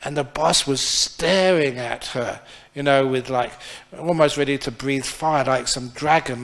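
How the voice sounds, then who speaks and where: A man's voice: medium pitch, fairly bright tone. A man, a Buddhist monk teacher, giving a dharma talk and telling stories in a chatty, playful way. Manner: chatty, playful, laughs often. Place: temple hall.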